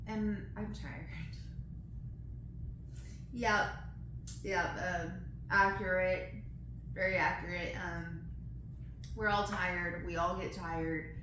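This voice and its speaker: A woman's voice: medium pitch, steady tone, slow pace, pauses often, background noise. A woman casually reading poems aloud, laughing at herself as she stumbles over hard words and chatting between poems. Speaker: poetry reader. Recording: very echoey room.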